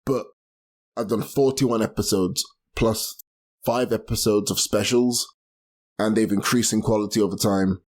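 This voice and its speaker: Young man, from London, solo podcast host, casual rambling, self-mocking, slightly low voice. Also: fairly even intonation, measured pace, a little mellow. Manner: rambling, self-deprecating, laughs at himself.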